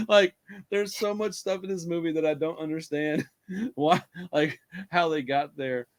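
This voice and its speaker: In a loose movie-review chat, this man talks through a horror film while sounding both wired and worn out, cursing freely, laughing plenty, and performing scenes. He's a podcast co-host with a slightly high, animated voice that moves a little slowly.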